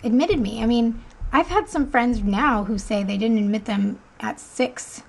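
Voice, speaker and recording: A woman's voice: a little high, a little slow, creaky, darkish tone, rough recording. A woman in her twenties casually telling the story of her son's birth, chatty with frequent ums and easy laughter. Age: 20s.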